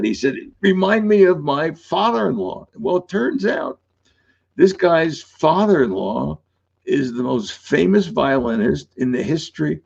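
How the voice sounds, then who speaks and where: Gravelly husky older man telling stories. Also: medium pitch, darkish tone, lo-fi sound. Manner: rambling anecdotal, laughs often. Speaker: author guest. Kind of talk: casual interview storytelling.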